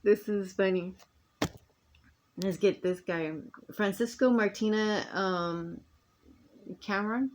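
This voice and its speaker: A woman's voice: medium pitch, slow, pauses often, a little hiss or hum. Rambling woman vlogging a monologue. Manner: rambling, emphatic, restarts and trailing off.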